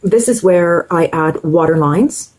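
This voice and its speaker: A middle-aged woman with a husky, slightly low voice chats through a makeup tutorial. She is enthusiastic and talks straight to her viewers, with a mellow tone. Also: takes it slowly, poor audio. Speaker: beauty vlogger. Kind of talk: casual makeup tutorial chat.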